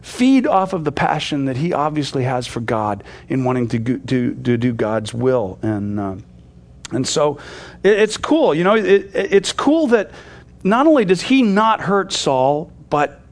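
A man teaching a sermon in a loose, conversational way, full of "you know" and restarts, growing animated as he retells a story. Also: a little high, unhurried. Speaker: pastor.

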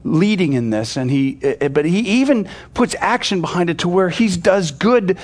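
A male pastor with a slightly high voice teaches from the Bible in a relaxed, conversational way. He rambles, drops in plenty of "you know" and restarts, and grows animated when he retells the story. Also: normal speed.

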